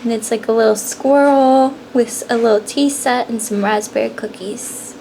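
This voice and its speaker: A woman's voice: on the high side, fairly even intonation, a little slow, creaky, dark tone, slight background noise. A woman giving a casual pick-a-card tarot reading, bubbly and giggly, laughing often between sentences. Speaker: tarot reader.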